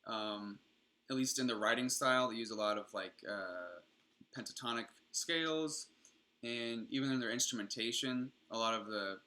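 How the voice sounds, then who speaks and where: A man's voice: medium pitch, normal speed, sharp tone. A young adult man streaming, rambling casually and enthusiastically with frequent swearing.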